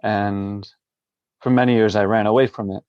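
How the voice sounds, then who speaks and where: Guy in a hospital, slow and thoughtful, flat voice, dry close sound. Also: lowish voice, clean tone, no echo, lo-fi sound. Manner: reflective, hesitant, many fillers. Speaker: podcast guest. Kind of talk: interview conversation. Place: hospital room.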